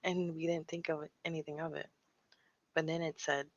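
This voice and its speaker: A woman's voice: low-pitched, flat delivery, moderate pace, gravelly, pauses often, fairly bright tone. Nervous whispering woman, lo-fi sound. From Pennsylvania. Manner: nervous, laughs often and drops to whispers. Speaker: paranormal vlogger. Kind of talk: casual storytelling and ghost-hunting session. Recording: slightly dull lo-fi sound.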